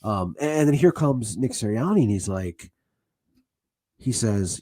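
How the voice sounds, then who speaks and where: A man ranting angrily as a football fan, swearing and bursting into shouts between sarcastic retellings. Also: medium pitch, huge pitch swings, measured pace, husky. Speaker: sports vlogger. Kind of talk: angry fan rant.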